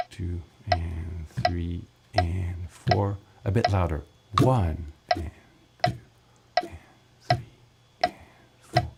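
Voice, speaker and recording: A man with a lowish, fry-tinged voice gives a casual ukulele lesson, counting beats out loud as he strums and chatting between takes. Heavy background noise is present, with the ukulele loud beneath his voice.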